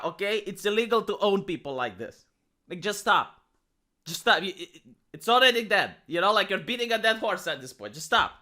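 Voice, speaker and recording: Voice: medium pitch, pushed and bright. A commentary streamer from Romania with a Romanian accent, talking sarcastically and mockingly with many restarts.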